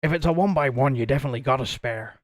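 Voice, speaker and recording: A man's voice: mid-range voice, fast, no room sound. A man chatting casually and joking as co-host of a live stream. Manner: joking, rambling. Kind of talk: casual chat.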